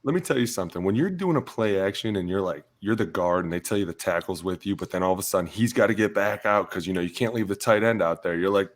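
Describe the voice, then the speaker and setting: Male podcast co-host, lower voice, animated storyteller who slips into the voices of coaches and teammates. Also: quick pace, few pauses. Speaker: podcast co-host, former offensive lineman. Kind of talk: casual sports chat.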